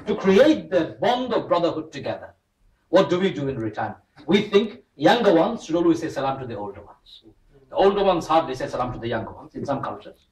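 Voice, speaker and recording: A man's voice: on the high side, big pitch swings, normal speed, a little mellow. A man giving a religious talk as an imam to a congregation in a mosque hall, telling stories with humor and acting out the voices he quotes. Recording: roomy hall, voice from a distant mic.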